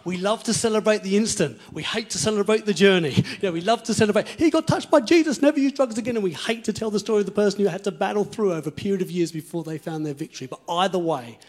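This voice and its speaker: A man's voice: sits high, fast talker, few pauses. A man preaching a conversational, encouraging sermon and reading scripture aloud. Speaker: pastor.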